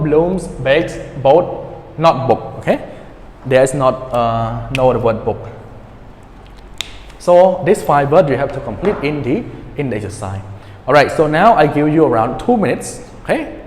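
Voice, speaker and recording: Slow patient male teacher, echoey room. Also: mid-range voice, slight background noise. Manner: patient, repeats words slowly, many fillers and checks like "okay?". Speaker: English teacher. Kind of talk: classroom pronunciation lesson. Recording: echoey room with long reverb.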